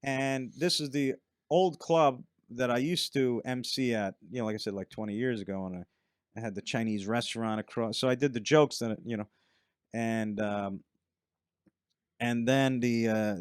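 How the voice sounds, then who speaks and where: A man's voice: mid-range voice, moderate pace, clear, resonant tone, dry recording, studio quality. A middle-aged man, a stand-up comedian, telling long rambling anecdotes in a casual chat and acting out other people's lines. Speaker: stand-up comedian, podcast guest.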